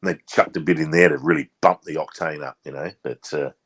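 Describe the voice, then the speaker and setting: A man's voice: very deep voice, steady tone, fairly quick, fairly bright tone, breathy edge. A man from Australia telling rambling, swear-filled party stories in casual chat. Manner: swears freely, rambling anecdotes.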